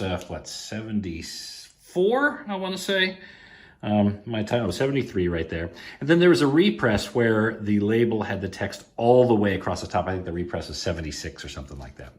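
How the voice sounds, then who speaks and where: A man hosting a casual unboxing video, chatting enthusiastically about records with frequent fillers. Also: on the low side. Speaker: podcast host and record collector. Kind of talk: casual unboxing chat to camera. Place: indoors in Australia.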